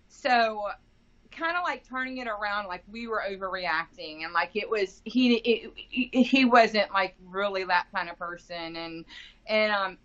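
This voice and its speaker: A woman in her forties recounts a painful family story with a bright, tense voice. Her talk rambles along, full of "like" and restarts. The recording sounds dull and lo-fi. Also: mid-range voice. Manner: rambling, many fillers and restarts. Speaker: interview guest, grieving mother. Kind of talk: emotional personal account. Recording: dull lo-fi podcast audio.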